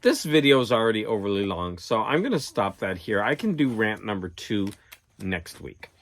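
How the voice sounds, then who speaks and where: A man's voice: on the low side, big pitch swings, normal speed. A man hosting his own channel, telling a long exasperated story in a casual, rambling rant with many restarts. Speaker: channel host. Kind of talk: casual ranting vlog.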